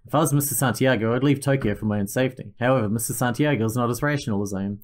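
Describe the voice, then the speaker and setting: A man's voice: mid-range voice, racing, natural voice. A man reading the lines of a polite, formal AI companion. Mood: calm. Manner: formal, careful phrasing. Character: polite AI companion, calls user teacher.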